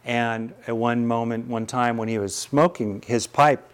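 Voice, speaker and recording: With a clean tone at an everyday mid pitch, a man teaching meditation answers his students through stories. His teaching talk and Q&A feel easygoing, folksy and unhurried, almost like a chat.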